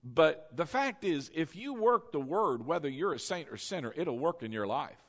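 A man preaching a sermon as pastor, animated and coaxing his congregation to repeat lines after him. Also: fairly high pitch, normal speed.

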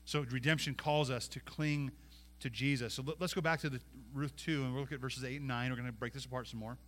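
Bright-voiced impassioned male preacher. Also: medium pitch, fairly even intonation, quick pace. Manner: impassioned, acts out pleading quotes, swings from loud to hushed. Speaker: pastor. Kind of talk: sermon.

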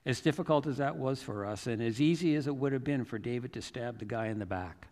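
A man's voice: medium pitch, fairly quick, darkish tone, in a large hall. A male pastor telling a Bible story in a reflective, conversational sermon, with self-deprecating asides.

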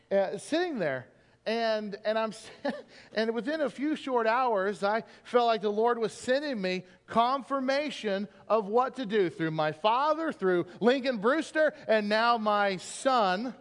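A middle-aged man preaching a sermon in a church, telling stories and acting out biblical figures with animated shifts of voice. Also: high-pitched. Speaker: pastor. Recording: long reverb of a church hall.

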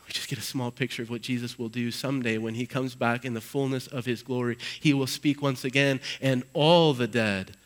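A male pastor giving an Easter sermon in a church, swinging between loud emphatic passages and hushed low ones as he reads scripture with dramatic weight. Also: fairly even intonation, brisk, few pauses, rough recording.

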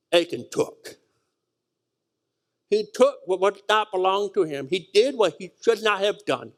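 A man preaching a sermon, reading scripture aloud and stressing points with repeated words and sudden rises and drops. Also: high voice. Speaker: pastor.

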